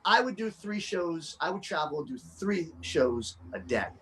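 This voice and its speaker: High-voiced animated man. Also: a little slow, a little hiss or hum. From New Jersey. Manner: animated, excitable storyteller with many restarts. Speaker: guest, children's fitness performer. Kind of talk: casual interview chat.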